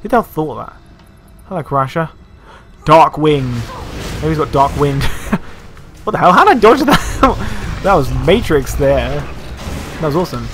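A man's voice: fairly high pitch, sing-song, unhurried, pauses often, a bit bright, faint music behind. A man giving casual, joking and sarcastic commentary while playing a video game. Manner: joking, sarcastic, self-mocking. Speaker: gameplay commentator.

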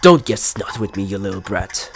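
A man's voice: low voice, expressive, moderate pace, soft background music. A man reading game dialogue aloud in a put-on British accent, voicing a stern, scheming older crime-family uncle in a stiff, formal way.

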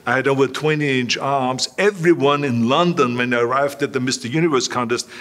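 A man's voice: mid-range voice, fairly quick, a bit bright. An older man telling anecdotes in an interview, repeating himself and acting out voices he quotes. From Austria. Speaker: interview guest. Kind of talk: storytelling in an interview.

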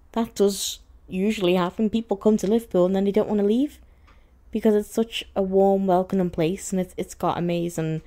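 A young woman with a soft Scouse accent, chatting casually through a TV review with lots of fillers and asides. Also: lowish voice. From Merseyside, England. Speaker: TV review vlogger.

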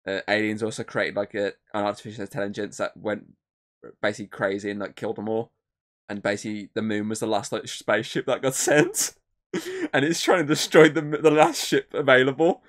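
A man's voice: lowish voice, fairly even intonation, a little fast, a bit bright. A man co-hosting a podcast, rambling through a film recap with lots of fillers and swearing. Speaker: podcast co-host. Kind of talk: casual podcast chat.

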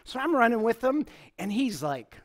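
A man preaching a conversational sermon as pastor, telling stories in an animated way, often chuckling and restarting his sentences. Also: very high-pitched, normal speed. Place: church service.

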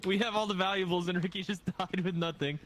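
A man's voice: sits high, fairly even intonation, fast, a bit bright. A young adult man streaming a ghost-hunting game, teasing and dry, often breaking into laughter. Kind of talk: casual gameplay chat.

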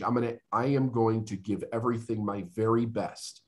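A middle-aged man, a podcast guest, telling his life story in an earnest, emotional way with dramatic pauses. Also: mid-range voice, fairly even intonation. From United States. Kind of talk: storytelling interview.

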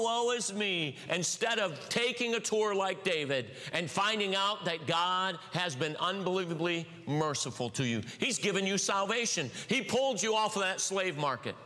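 A man preaching a sermon in a church, telling a story and dropping low and quiet at the ends of phrases before rising again. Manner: storytelling, swings from hushed lows to raised highs. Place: church sanctuary. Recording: long hall reverb.

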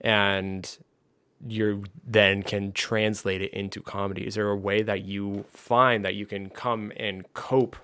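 A man's voice: on the low side, flat delivery, takes it slowly, fairly bright tone, smooth, dry recording. A man co-hosting a podcast, chatting loosely and asking questions with lots of "like" fillers. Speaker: podcast co-host. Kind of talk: casual podcast chat.

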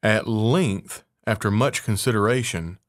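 A man reading a fairy tale aloud in a measured, unhurried way. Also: on the low side, no room sound, studio quality. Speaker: narrator.

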